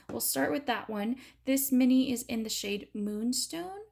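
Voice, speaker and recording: A woman's voice: fairly high pitch, creaky, a little mellow. A woman giving a chatty, enthusiastic beauty product review in a casual vlog. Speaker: beauty vlogger.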